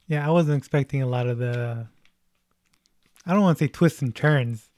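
A man's voice: medium pitch, moderate pace, darkish tone, no echo, clean studio sound. A man chatting casually about a movie as a podcast co-host, laughing often and restarting his sentences.

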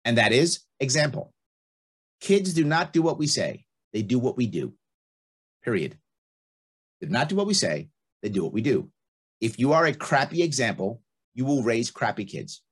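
A man's voice: mid-range voice, slightly rough. A middle-aged man giving blunt, emphatic advice in conversation, repeating his points for effect. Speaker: guest.

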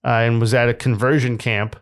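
A man's voice: medium pitch, flat delivery, brisk. A young man co-hosting a podcast, retelling a film plot in casual chat, laughing often and swearing freely. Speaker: podcast co-host.

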